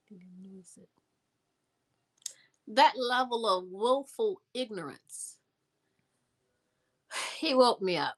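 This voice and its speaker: A young adult woman with a medium-pitched voice, appearing as a guest, tells a personal story in conversation. She's animated and emphatic, repeating words for effect.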